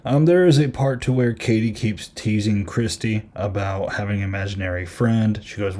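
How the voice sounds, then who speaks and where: A man with a lowish, mellow voice talks through a film in a casual podcast review. He rambles loosely, piles on fillers, and retells scenes and lines as he goes. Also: moderate pace, few pauses. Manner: rambling, many fillers and retold quotes. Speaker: podcast host.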